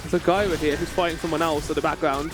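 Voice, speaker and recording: A man's voice: on the high side, little pitch movement, rapid-fire, over music. A young man casually commenting on his gameplay, joking and swearing freely. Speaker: streamer.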